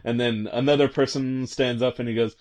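A man's voice: medium pitch, fairly even intonation, a little fast, darkish tone. A man casually retelling a video game scene, rambling and hesitant, full of fillers and amused asides. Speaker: commentator recounting a video game.

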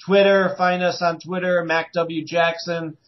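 A man co-hosting a podcast in casual chat, animated and quick to joke. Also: fairly high pitch. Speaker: podcast co-host. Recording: dull lo-fi sound.

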